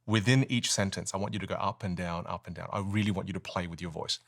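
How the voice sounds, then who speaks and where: A man coaching speaking skills in a podcast studio, animated and melodic, swooping between high and low. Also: fast talker, creaky. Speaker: communication coach.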